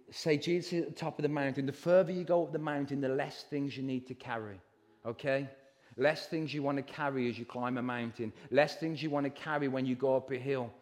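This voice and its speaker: A man preaching a sermon with passion, his voice climbing toward shouts at its peaks. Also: medium pitch. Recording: hall reverb.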